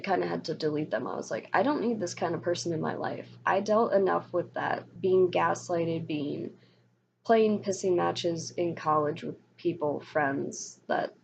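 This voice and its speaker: A woman's voice: on the low side, vocal fry, a little mellow. A young woman ranting in a casual vlog monologue, frustrated and rambling, often stopping and restarting her sentences. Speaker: vlogger. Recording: dull lo-fi sound with faint noise.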